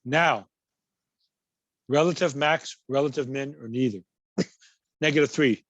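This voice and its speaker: A man's voice: fairly high pitch, animated, normal speed, pauses often, dry recording, dull audio. A man teaching a college math class, patiently working through examples and repeating key words. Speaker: math instructor. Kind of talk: recorded class lecture.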